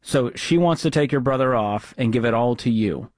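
Male talk radio host: direct, steady, reassuring with callers, close dry studio mic. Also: medium pitch, moderate pace, no room sound. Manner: direct, reassuring, recaps the story.

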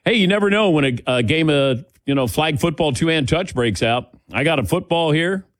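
A man's voice: on the high side, animated, a little fast, dry recording, clean studio sound. A man hosting a sports talk show, chatting casually and correcting himself as he goes. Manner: rambling, self-correcting. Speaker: radio talk show host.

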